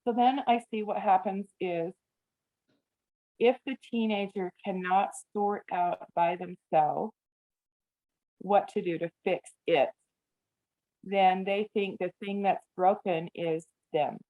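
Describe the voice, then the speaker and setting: A woman's voice: medium pitch, slow, long pauses. Earnest woman therapist on a tinny line. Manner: earnest, animated, acts out a scolding parent voice. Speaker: guest, family therapist. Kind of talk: podcast interview. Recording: tinny phone-like remote line.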